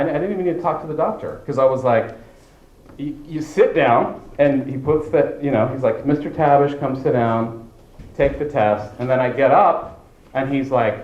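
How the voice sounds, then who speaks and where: A man doing stand-up comedy as host of a show, joking with the audience and acting out quoted people. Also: medium pitch. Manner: joking, animated, mock-dramatic quotes. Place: comedy club stage. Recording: echoey lo-fi club recording. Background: audience laughter.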